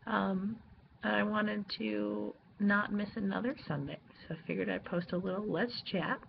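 A young woman, hoarse from a cold, chatting casually to her viewers from a room at home, rambling and self-deprecating with lots of fillers. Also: medium pitch, fairly even intonation, a little slow, slight background noise. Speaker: vlogger. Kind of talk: casual vlog chat. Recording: dull lo-fi recording.

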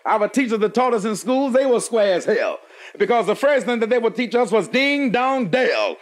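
High-voiced man doing raunchy stand-up. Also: expressive, normal speed, slight background noise. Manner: raunchy punchline delivery. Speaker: stand-up comedian. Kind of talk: live stand-up before a crowd. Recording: live club recording with crowd.

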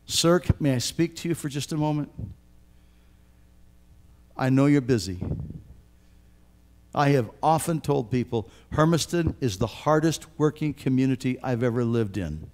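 A man in his sixties preaching a sermon as pastor, earnest and emphatic, speaking straight to his listeners and swinging from hushed to loud. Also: medium pitch, animated, moderate pace, pauses often. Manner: addresses listeners directly.

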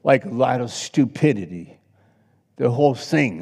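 A man's voice: mid-range voice, lively intonation, unhurried, gravelly, breathy edge. Male pastor mid-sermon, impassioned and blunt, mid-range voice ringing in a reverberant sanctuary. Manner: impassioned, swings between loud exclamations and hushed asides. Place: church sanctuary. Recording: long hall reverb.

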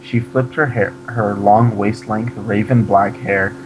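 Man, lowish voice, deadpan comic reader, mocks the text as he goes, faint hum behind. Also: measured pace. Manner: deadpan reading, breaks off to mock the text. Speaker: reader of a fan fiction. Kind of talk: comedic dramatic reading.

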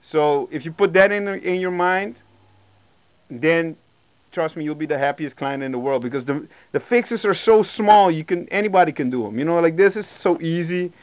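Excited young man, dull dry home recording. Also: on the high side, normal speed, no echo. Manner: excited, profane, repeats himself. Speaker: sneaker reviewer. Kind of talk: casual unscripted vlog. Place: indoors at home.

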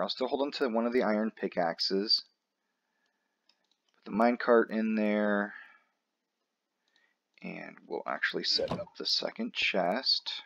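A man's voice: on the low side, creaky, fairly bright tone, dull audio. A man hosting a gaming channel, talking casually through his play with joking asides to himself. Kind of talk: casual let's-play commentary.

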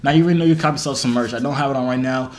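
A man's voice: mid-range voice, rapid-fire. A young man vlogging casually to camera, laid-back and slangy, joking as he talks. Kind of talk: casual vlog talk to camera.

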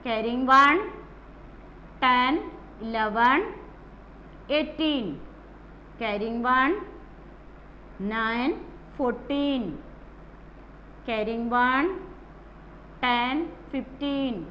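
A woman teaching a maths lesson. She drills the class slowly, repeating questions and answers in phrasing, and coughs now and then. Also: high voice, lively intonation, lo-fi sound, a little hiss or hum. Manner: slow, repetitive drilling with call-and-response questions; non-native English phrasing. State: coughing at times.

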